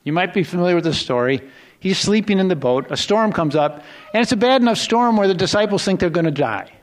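Conversational male pastor preaching a sermon. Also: fast. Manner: conversational, rambling with restarts and self-corrections; swings between hushed low asides and rising excited emphasis.

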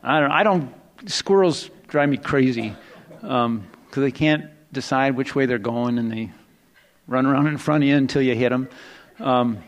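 A man preaching a sermon in a loose, conversational way, often restarting sentences and dropping to hushed asides before rising into excited emphasis. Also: medium pitch, moderate pace. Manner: conversational, rambling with restarts and self-corrections. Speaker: pastor.

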